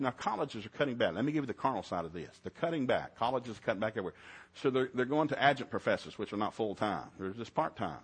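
A man's voice: mid-range voice, animated, fast talker, slightly rough. A middle-aged man, preaching a sermon in a folksy storytelling way. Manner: folksy storytelling, swings to loud shouted preaching. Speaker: pastor.

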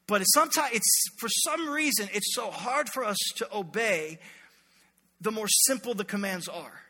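Male pastor, high and very bright, playful animated sermon, long hall reverb. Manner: animated, joking, voices characters in quotes. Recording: echoey hall.

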